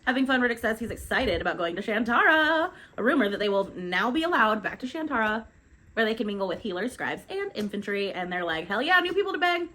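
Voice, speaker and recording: A woman casually recapping a novel chapter by chapter, chatty and informal with quick asides and the odd swear, recording at home. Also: medium pitch, lively intonation, sharp tone. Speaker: book recapper.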